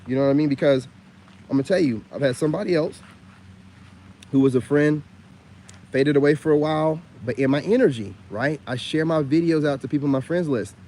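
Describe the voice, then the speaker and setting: A man giving a casual monologue to camera about narcissism, loose and full of slang, who jumps sharply up in pitch when he gets indignant. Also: brisk, warm tone, a little hiss or hum. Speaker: online commentator on narcissism.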